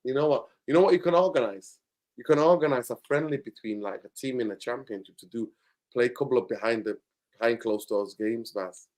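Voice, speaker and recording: A man in casual football chat, blunt and animated, bursting into loud exclamations. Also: mid-range voice, a little fast. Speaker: football podcast host.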